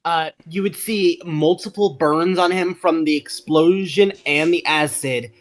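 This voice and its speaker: A man playing a tabletop game, slow and hesitant, with many uhs. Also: a little high. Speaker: player. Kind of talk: tabletop role-play chat.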